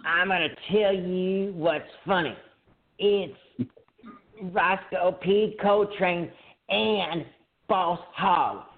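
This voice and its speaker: A man voicing a cranky old grandmother with dentures, shouting her opinions over a tinny phone-like line. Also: on the low side, very slow, voice pushed up. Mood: insistent. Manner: shouting, insistent.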